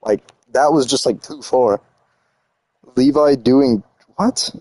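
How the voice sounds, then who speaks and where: A man's voice: mid-range voice, slow, dark tone. A young man streaming a game, chatting casually and teasing his chat in slangy, rambling talk while he builds.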